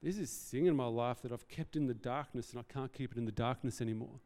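A man's voice: mid-range voice, quick pace, darkish tone. A man preaching a sermon as pastor, earnest and conversational, with self-deprecating asides. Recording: reverberant hall.

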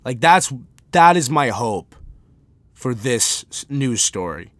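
A man's voice: medium pitch, big pitch swings, takes it slowly, no echo. Young man, podcast host, casual solo monologue, rambling, jokey, dry close sound. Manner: rambling, filler-heavy, jokey.

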